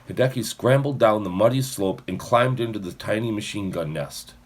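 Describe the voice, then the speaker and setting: A man's voice: on the low side, moderate pace, few pauses, husky. A man narrating an audiobook expressively, shifting his voice for each character.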